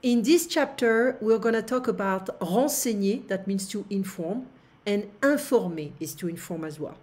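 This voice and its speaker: A woman's voice: medium pitch, animated, normal speed, darkish tone. Teacher woman talking through a lesson. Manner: explains step by step with many fillers. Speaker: French teacher. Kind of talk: online language lesson.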